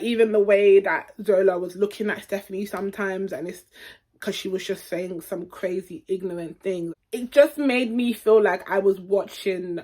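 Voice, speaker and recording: A woman's voice: mid-range voice, warm tone. Talk like a young woman from telling friends about a film, frank, casual, mid-range voice. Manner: chatty, frank, slangy, with quick asides. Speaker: film reviewer. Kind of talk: casual spoken film review.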